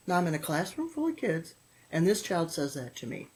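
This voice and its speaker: A middle-aged woman speaking as a podcast guest, her voice sitting a little low for a woman. She tells stories with energy, slips into the voices of the people she quotes, and laughs easily. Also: fairly quick, slight background noise, poor audio. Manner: animated storyteller who acts out quotes and laughs often. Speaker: guest, author and former teacher. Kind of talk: podcast interview storytelling.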